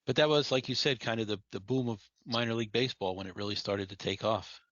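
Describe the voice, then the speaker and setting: A man's voice: fairly low pitch, quick pace, fairly bright tone, dry recording. A man hosting an interview, easygoing, prompting his guests with questions and laughing along. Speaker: interviewer, team executive. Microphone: video call. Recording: dry, dull video-call audio.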